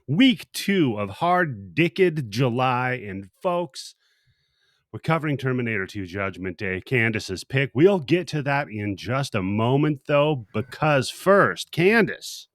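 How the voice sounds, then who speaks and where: A man's voice: mid-range voice, very animated, slow pace, dry recording, studio quality. A man hosting a podcast in casual chat, joking and sarcastic. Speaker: podcast host.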